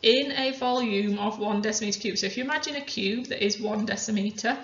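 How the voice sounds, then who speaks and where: A woman chemistry teacher calmly talking through worked examples step by step. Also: on the high side, brisk. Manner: methodical, talks through each step aloud. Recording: roomy, dull lo-fi sound.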